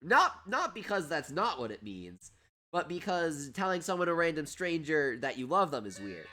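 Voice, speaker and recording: A man hosting a livestream, giving excitable, chatty commentary on a mobile game while reading out viewer questions. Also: a little high, normal speed. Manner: excitable, animated and chatty, often breaking into laughter. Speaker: streamer and host. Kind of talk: live gameplay commentary reading chat.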